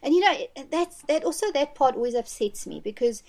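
A woman's voice: high-pitched, big pitch swings, a little fast, vocal fry, darkish tone. A woman co-hosting a podcast, talking casually and laughing about a film, swearing and apologizing. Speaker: podcast co-host.

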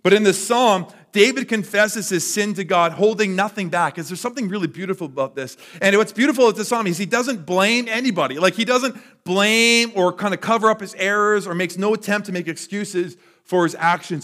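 A man with a slightly raised pitch, preaching a sermon. He tells the story in a relaxed, conversational manner and often stops to restart a phrase. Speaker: pastor.

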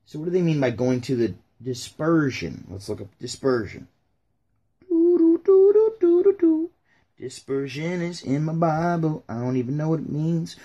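A man's voice: mid-range voice, normal speed, hardly any pauses, dark tone, breathy edge. A man who hosts his own channel reads scripture aloud and comments on it, rambling and joking as he talks straight to his viewers. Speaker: YouTuber and podcaster. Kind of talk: casual Bible reading and commentary.

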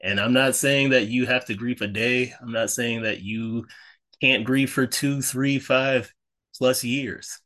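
Man, podcast co-host, earnest, faith-driven, casual, lots of fillers and restarts, mid-pitched. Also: fairly even intonation, unhurried, sharp tone. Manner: casual, with many fillers and self-corrections.

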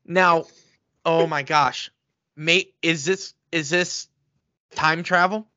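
Excitable ranting man on a podcast. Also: a little high, no room sound, lo-fi sound. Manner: excitable, ranting, quick to get heated. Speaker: podcast co-host. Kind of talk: casual sports chat.

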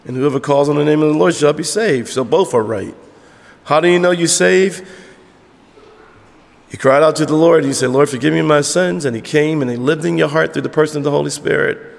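A man's voice: fairly high pitch, brisk, creaky. A man preaching a sermon to his congregation as their pastor, emphatic and conversational, with frequent rhetorical questions. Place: church sanctuary with congregation. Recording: long hall reverb in a church.

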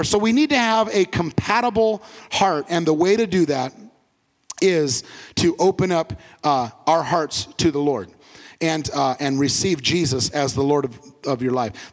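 A man's voice: high voice, in a large hall. A male pastor preaching a sermon, repeating key phrases and asking the congregation to say words back with him.

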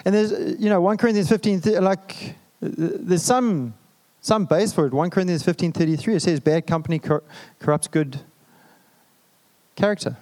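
A man's voice: high voice, normal speed, darkish tone. A man preaching a sermon in a conversational, humorous way, with jokes and asides to the congregation. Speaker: pastor.

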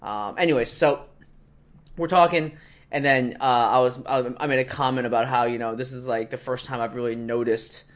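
A man's voice: mid-range voice, moderate pace. A man in his late twenties co-hosting a casual podcast, swapping sports talk and telling stories, acting out the people he quotes. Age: late 20s. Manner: animated storyteller, acts out quoted people with a raised voice. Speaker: podcast co-host. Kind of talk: casual chat.

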